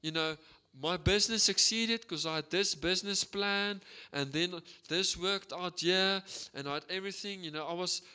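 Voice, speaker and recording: Preacher doing God, casual and insistent, bright clear voice. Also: male voice, high voice, normal speed. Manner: casual, insistent, repeating "wait". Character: God speaking casually to a hesitant leader.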